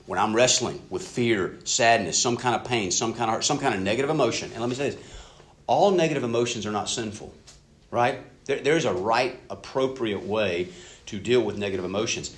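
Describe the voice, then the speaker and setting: A man preaching a sermon in an earnest, conversational way, swinging between loud and hushed passages. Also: on the low side. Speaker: pastor.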